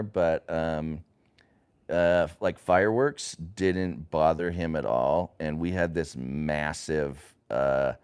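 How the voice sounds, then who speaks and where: Low, calm man chatting on a family livestream. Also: smooth. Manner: rambling, many fillers and restarts. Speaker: parent hosting a family livestream. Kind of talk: casual livestream chat.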